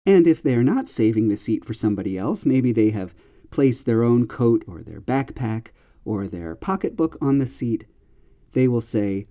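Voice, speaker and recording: Mellow-voiced man teaching English. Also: mid-range voice, very animated, measured pace. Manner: clear, patient explaining with exaggerated intonation examples. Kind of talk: podcast grammar lesson.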